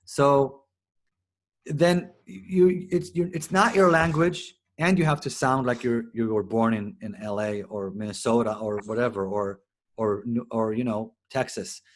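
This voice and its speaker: An animated man whose first language is Hebrew, chatting in a relaxed interview. He talks expressively, stops and restarts his sentences, and sits at a middle pitch. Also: a little slow, a little hiss or hum. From Israel. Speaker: actor and director, interview guest. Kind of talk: casual interview conversation.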